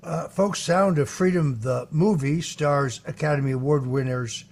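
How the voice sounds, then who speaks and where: A man hosting a radio talk show, putting questions to a guest in a deliberate way. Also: a little high, vocal fry, a little mellow. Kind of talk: radio interview.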